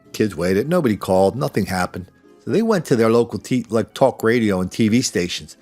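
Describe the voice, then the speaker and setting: A man's voice: on the low side, lively intonation, brisk, a little mellow, faint music behind. An older man hosting a podcast, delivering a sarcastic commentary monologue and slipping into mocking impressions. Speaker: podcast host.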